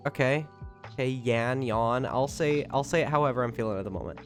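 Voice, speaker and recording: Still recovering from a cold, this young man talks fast on his live stream with faint music behind him. His medium-pitched voice turns loud and excited whenever he thanks someone, and he greets viewers by name.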